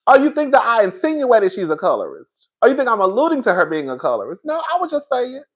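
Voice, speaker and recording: Sassy animated man reviewing reality TV. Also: very high-pitched, fast talker. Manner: animated, sassy, laughs often, addresses viewers as girl. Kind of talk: casual opinionated commentary.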